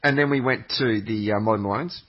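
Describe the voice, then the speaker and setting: A man's voice: fairly low pitch, fairly quick. A man telling a meandering, sweary travel story on a podcast, with lots of fillers and restarts. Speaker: podcast regular. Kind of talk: rambling anecdotal chat. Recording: muffled lo-fi podcast audio.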